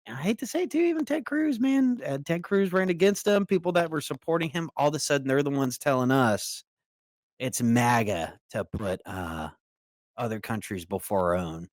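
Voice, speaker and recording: A man's voice: mid-range voice, lively intonation, moderate pace, no room sound, clean studio sound. A man co-hosting a political commentary podcast, reading news excerpts aloud and breaking into casual asides. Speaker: co-host.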